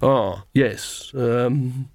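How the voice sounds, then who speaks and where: A man's voice: mid-range voice, drawn-out words, a little mellow, no echo, studio quality. A man voicing a flustered young woman witch who hesitates and stammers.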